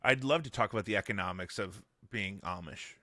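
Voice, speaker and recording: A man's voice: on the low side, a little fast, bright, forceful tone, no room sound, clean studio sound. A man hosting a podcast in casual chat, rambling and joking with lots of fillers. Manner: rambling, jokey, full of fillers. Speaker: podcast host.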